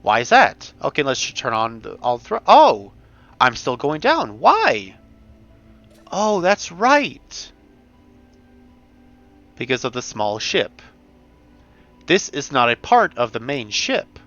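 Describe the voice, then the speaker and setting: A man giving casual commentary while playing a game, rambling with many restarts and sudden fast bursts. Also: mid-range voice, huge pitch swings, a bit bright, faint music behind. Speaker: gamer. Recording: dull home mic recording.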